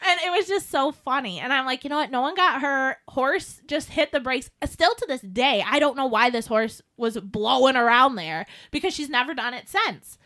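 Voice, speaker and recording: Bright high-voiced woman telling stories. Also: normal speed, few pauses. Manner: animated storyteller, lots of "like", acts out quotes. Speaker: podcast co-host, riding instructor. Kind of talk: casual storytelling chat.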